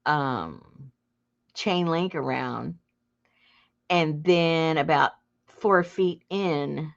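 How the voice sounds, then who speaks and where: A middle-aged woman telling a story to her viewers in a casual, animated way, breaking into laughter and loud acted outbursts. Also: low-pitched, creaky. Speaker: junk journal crafter and channel host. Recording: dull lo-fi home recording.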